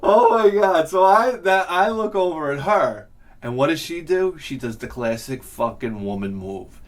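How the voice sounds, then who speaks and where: A man's voice: a little high, expressive, a little slow. A man hosting his show, telling a profane story in a casual rant and laughing along with it. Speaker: host.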